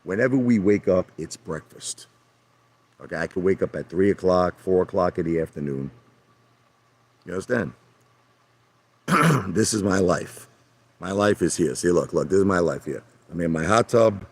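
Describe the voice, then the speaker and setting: Deep-voiced brash man ranting live. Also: animated, moderate pace, long pauses, husky, dry recording. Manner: brash, argumentative, repeats himself, addresses chat by name. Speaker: livestream host. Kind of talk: rambling live chat with viewers. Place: in a hot tub by a pool.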